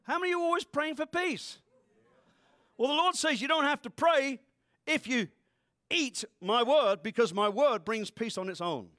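A man preaching a sermon, playful, with quick asides and comic voices. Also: extremely high pitch, sharp tone, no echo, clean studio sound. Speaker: pastor.

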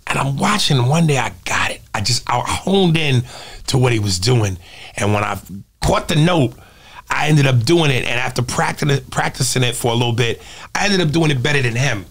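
A male comedian and impressionist with a mid-range voice tells stories at a moderate pace in a casual interview. He is an animated storyteller who drops into impressions.

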